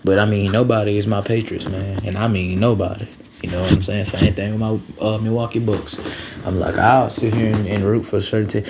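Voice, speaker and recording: A man's voice: fairly low pitch, level tone, fairly quick, creaky, noisy background. A man hosting a solo sports podcast, talking loosely and rambling, with lots of slang and swearing.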